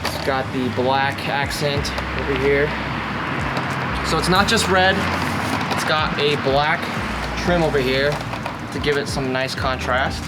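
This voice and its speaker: A young man vlogging about car modding casually walks through installing car parts outdoors, hyped about the parts and swearing now and then. His mid-range voice is slow with long pauses, recorded on a wireless clip-on mic with background music under it and heavy noise.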